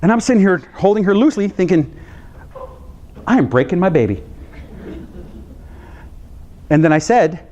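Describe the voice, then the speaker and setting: In a high-pitched voice at a moderate pace, pausing often, a middle-aged psychologist from the United States shares a story with counselors. He's lively, mimicking his daughter's reactions with gasps and laughter.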